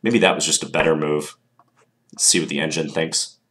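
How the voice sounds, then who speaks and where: Deep-voiced guy with a stuffy cold nose, rambling casually through chess moves, lots of ums. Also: steady tone, normal speed, a bit bright. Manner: thinking aloud, hedging with ums. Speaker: chess commentator. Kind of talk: casual game analysis.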